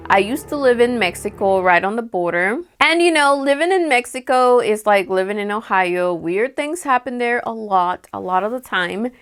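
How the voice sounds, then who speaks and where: A woman's voice: a little high, expressive, normal speed, fairly bright tone, clean tone. A woman telling a personal ghost story in a casual storytime vlog, chatty and full of "like", with faint music underneath. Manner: chatty, peppered with "like" and acted-out quotes. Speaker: storytime vlogger.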